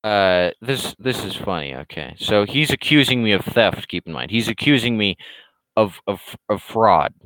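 Rambling man with a smooth, low voice. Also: animated, moderate pace, a bit bright, no echo, low-quality recording. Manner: rambling, hesitant, frequent restarts. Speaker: streamer and comic creator. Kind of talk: casual livestream talk, reading viewer questions.

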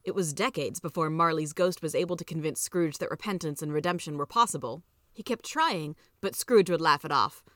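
A woman narrating a storybook tale in a measured, even way. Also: low-pitched, dry recording, clean studio sound. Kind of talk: storybook reading.

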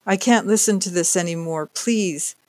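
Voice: mid-range voice, moderate pace, dry recording, close to an everyday voice. A narrator voicing a shy, fragile young woman who speaks hesitantly. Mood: pleading. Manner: hesitant, soft.

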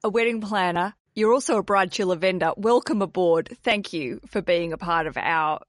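A woman's voice: on the low side, moderate pace, no echo. Woman, podcast host, chatty and rambling, dry close sound. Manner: chatty, self-mocking, rambling. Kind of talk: casual podcast chat.

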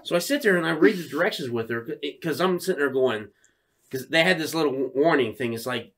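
Animated man telling a swear-filled story. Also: a little high, fast. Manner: animated storytelling, lots of swearing, acts out quotes. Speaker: podcast co-host. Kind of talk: casual chat.

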